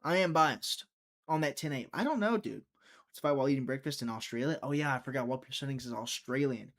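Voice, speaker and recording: A man's voice: mid-range voice, fast talker. A young man hosting a live fight-watching stream, chatty and teasing, reading viewer chat aloud.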